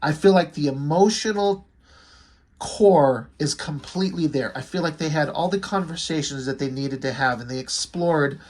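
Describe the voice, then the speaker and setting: Enthusiastic, blunt comic book reviewer. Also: male voice, a little high, normal speed, a little mellow. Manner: enthusiastic, blunt, swears casually. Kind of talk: casual comic recap.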